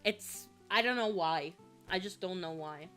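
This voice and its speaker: Soft background music accompanies a young vtuber from Finland as she rambles through casual gaming stream chat. Her fairly low voice is unhurried and a bit bright, and her talk is chatty, full of fillers, with a slight sniffle and sudden bursts of swearing.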